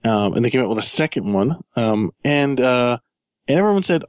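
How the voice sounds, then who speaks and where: A man's voice: mid-range voice, normal speed, clear, resonant tone, dry recording. A man hosting a gaming podcast, joking and chatting casually with his co-host.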